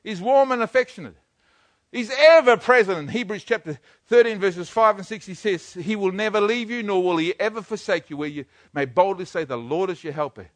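Older man, pastor, sermon, animated, dry sound. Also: high voice, fairly quick, no echo. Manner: animated, swings from hushed to loud.

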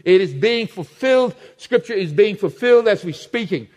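A man's voice: sits high, expressive, moderate pace, darkish tone, in a large hall. A man preaching a sermon, emphatic and fond of repeating phrases for effect.

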